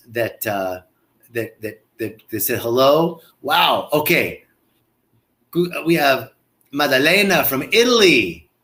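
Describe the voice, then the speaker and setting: A man's voice: fairly high pitch, fairly bright tone. A man hosting a live stream in a casual, effusive way, greeting viewers by name and often stumbling over and repeating words.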